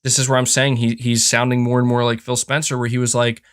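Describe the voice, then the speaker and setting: A man's voice: medium pitch, little pitch movement, fast, clear, resonant tone. Frustrated man ranting on a podcast. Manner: frustrated, ranting, many fillers and restarts. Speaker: podcast host. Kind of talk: casual opinionated chat.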